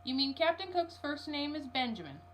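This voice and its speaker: A woman's voice: sits high, very animated, brisk, a bit bright, slight background noise, voice pushed up. A woman voicing a confused, overly formal male city hall clerk on the telephone in a storybook reading. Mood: prim.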